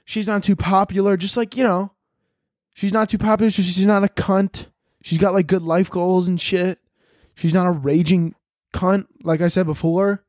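This young podcast host has a high voice and a moderate pace, ranting profanely and animatedly through stories on his solo comedy podcast. He has a sore throat, shouts when mimicking others, and the studio-quality audio carries no echo.

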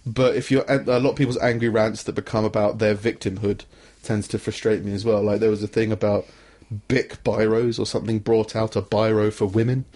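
A man's voice: fairly low pitch, little pitch movement, brisk, few pauses, a little mellow. A young man co-hosting a casual comedy podcast, rambling, restarting his sentences and laughing often. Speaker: podcast co-host.

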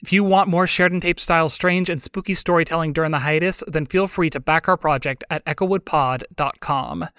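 A man reads a podcast's announcements in a clear, steady manner. His voice sits a little high for a man. The sound is dry and close, with no room in it. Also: a little fast, few pauses, no echo. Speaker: podcast host reading announcements. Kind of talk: read announcements.

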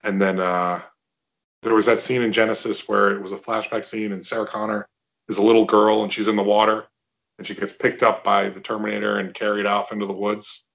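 A man guest on a video call interview, telling stories in an animated way with restarts and acted-out quotes. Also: fairly low pitch, a little fast, vocal fry, muffled recording. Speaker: guest actor. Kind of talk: casual storytelling interview.

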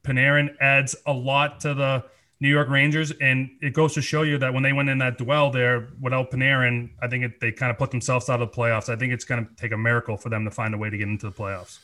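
A man's voice: medium pitch, flat delivery, quick pace, pushed and bright. A man co-hosting a hockey podcast, laying out his opinions with confidence. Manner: confident, lays out arguments. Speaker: podcast co-host. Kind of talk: casual sports analysis.

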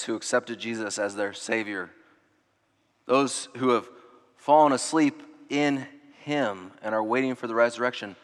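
A man preaching a sermon in an earnest way, dropping to hushed tones and rising to emphatic ones. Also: medium pitch, big-room sound. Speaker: pastor.

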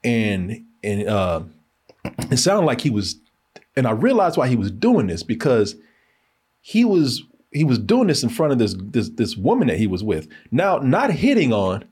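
A man's voice: medium pitch, wildly swooping pitch, measured pace, a little mellow, breathy edge. A man co-hosting a casual chat, telling a long story with profanity, laughter and acted-out quotes. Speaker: podcast co-host.

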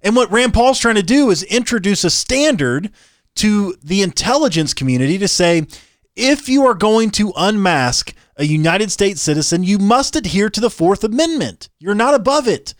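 A man co-hosting political commentary, his pitch swinging widely as he talks. He sounds incredulous and quick to joke, in a dry room with little echo. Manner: animated, incredulous, joking. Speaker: podcast co-host.

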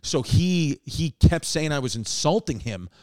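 A slightly high-voiced man from New York holds court as a comedian host. He rambles through stories, swears freely and jumps into other people's voices as he goes. The sound is close and dry. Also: expressive, a little slow, a little mellow, no room sound. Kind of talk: casual comedic chat.

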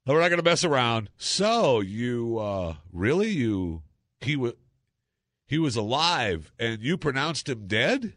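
A man's voice: medium pitch, very animated, takes it slowly, fairly bright tone, dry recording, studio quality. A man hosting a casual talk monologue, chatty and sarcastic, full of exclamations and asides. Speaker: talk show host.

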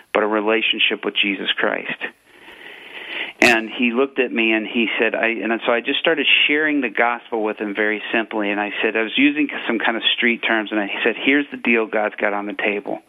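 A pastor calls in and tells a story in a low, flat voice. He acts out both sides of a conversation with earnest conviction. The sound is thin and tinny, like a phone line on the radio. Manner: earnest, retells dialogue, many fillers and restarts. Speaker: pastor and police chaplain. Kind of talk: storytelling testimony on a radio show.

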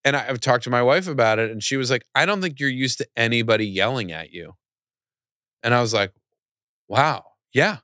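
A middle-aged man talks loosely on a podcast, circling his thoughts with plenty of restarts and "like"s. His voice sits at an ordinary middle pitch, recorded close and dry with no room sound. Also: expressive, quick pace, pushed and bright, dry recording. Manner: rambling, many restarts and likes. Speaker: podcast guest, comedian. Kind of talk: casual podcast conversation.

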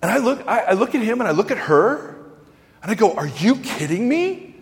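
A man preaching a sermon as pastor, emphatic and animated, firing rhetorical questions at the congregation. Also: high-pitched, brisk. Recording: long hall reverb.

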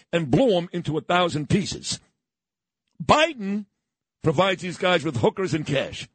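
A man hosting a morning talk radio show, loud, combative and ranting. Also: on the high side, slightly rough, no echo. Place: radio studio.

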